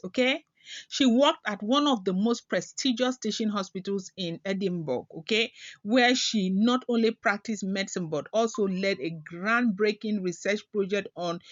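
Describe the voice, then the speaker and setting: A woman's voice: mid-range voice, fairly bright tone, dry recording, dull audio. Chatty woman gossip vlogger. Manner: chatty, keeps adding "okay?" and "you know". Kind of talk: casual gossip monologue.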